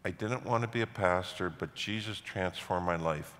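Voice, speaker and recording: A middle-aged man preaching a sermon as pastor, telling a story with animated, self-mocking humor. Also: low voice, moderate pace. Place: large church hall. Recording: church hall reverb.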